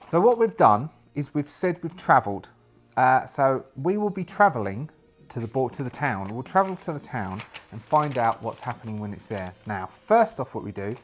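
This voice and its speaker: A man narrates his solo tabletop game, thinking aloud and rambling with frequent restarts. His voice sits at an average pitch for a man. Soft music runs faintly underneath.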